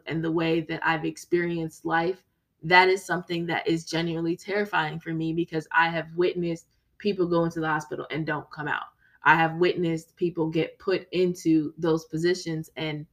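A woman's voice: on the low side, fairly bright tone. A woman hosting a podcast, telling a personal story in an earnest, emphatic way and repeating key phrases for weight. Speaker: podcast host.

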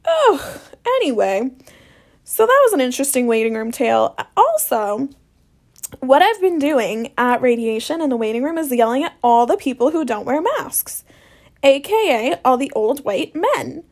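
A young woman talks straight to her audience in a casual, profane storytelling rant. Her voice sits high and keeps slipping into a gravelly fry. She is sarcastic and blunt throughout. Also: very animated, normal speed.

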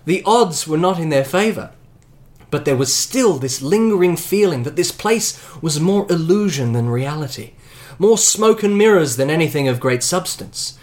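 A man telling a spy tale at a game table, his pitch swinging widely through the narration. He reads his descriptive passages with relish and slips easily into joking with the players. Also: animated, moderate pace, darkish tone. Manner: laughs often, jokes with players. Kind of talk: storytelling with banter.

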